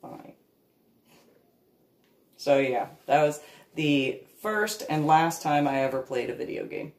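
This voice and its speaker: Slow, low-voiced woman in an echoey room. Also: expressive. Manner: meandering, laughs often, baby-talk when quoting herself to her dog. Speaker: reverend and author telling family stories. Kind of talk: casual personal storytelling.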